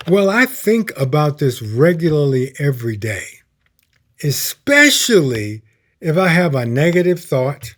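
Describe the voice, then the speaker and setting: Slow-speaking male minister preaching. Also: fairly high pitch. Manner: slow, emphatic preaching with hushed prayerful passages. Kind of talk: sermon.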